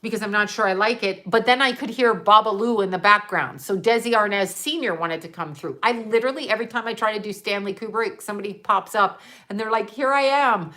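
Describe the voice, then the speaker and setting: A woman's voice: mid-range voice, quick pace, few pauses, sharp tone. An older woman talking casually to her viewers, rambling from one topic to the next, laughing often and swearing freely while she scrolls through photos. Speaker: psychic vlogger.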